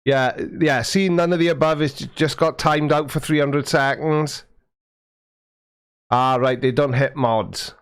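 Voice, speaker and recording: A man's voice: a little high, fairly even intonation, measured pace, clean tone, no echo, clean studio sound. Chatty man hosting a livestream. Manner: chatty and joking, fiddling with settings while talking. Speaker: livestream host. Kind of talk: casual livestream chat reading viewer messages. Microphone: studio mic with a foam windscreen.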